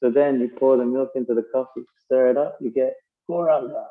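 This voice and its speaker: A man's voice: medium pitch, steady tone, fairly quick, reverberant, phone-quality sound, natural voice. A man voicing a lazy middle-aged husband who dismisses his wife while watching football. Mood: smug. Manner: brash and dismissive.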